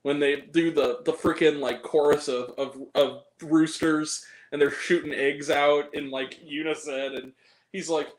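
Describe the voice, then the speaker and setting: A man's voice: fairly high pitch, fairly even intonation, measured pace, roomy sound. A man hosting a movie review podcast, chatting casually in a rambling, profane way, full of fillers and giggles. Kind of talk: casual chat.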